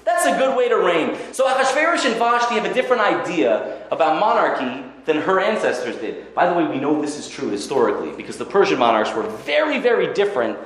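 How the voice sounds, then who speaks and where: A man giving a lively Talmud lecture, telling the story with Hebrew quotations and acted asides. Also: a little high, fast talker, hardly any pauses. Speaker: rabbi teaching Talmud. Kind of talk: animated Torah lecture. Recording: very echoey room with faint ambient noise.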